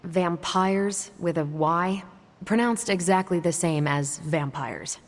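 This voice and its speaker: A woman's voice: lowish voice, takes it slowly. An actress playing a dry, wry, matter-of-fact woman tracking vampires in a video game. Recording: game audio with faint music.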